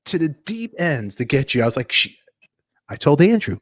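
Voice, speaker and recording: Male host, excitable and self-mocking, highish lively voice, dry close sound. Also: normal speed, no echo. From Brooklyn. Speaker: podcast host. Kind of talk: casual podcast interview.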